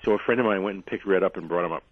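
A man with a very low, husky voice tells rambling stories as a radio guest. He is losing his voice and keeps clearing his throat. He comes through a thin, dry phone line. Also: rapid-fire, dry recording. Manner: rambling anecdotal storyteller, frequent restarts. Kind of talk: radio interview, storytelling.

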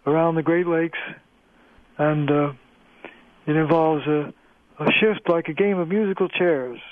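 A man with a fairly high voice, a linguistics professor, explains things patiently as a guest on a radio interview. He's on a phone line, so the sound is tinny and dry with no echo.

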